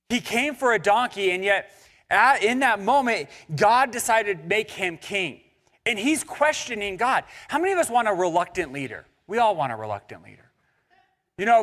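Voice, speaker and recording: A male pastor preaches with a bright, lifted voice that swings widely up and down. He slips in and out of playful voices for biblical characters. The sound carries a long reverb from a church hall. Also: high-pitched, normal speed. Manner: animated, acting out biblical characters in casual voices. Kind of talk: sermon. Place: church sanctuary.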